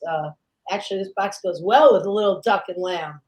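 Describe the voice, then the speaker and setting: Chatty woman chef, lively quotes. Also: mid-range voice, a little fast. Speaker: chef and guest cohost. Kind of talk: casual podcast chat.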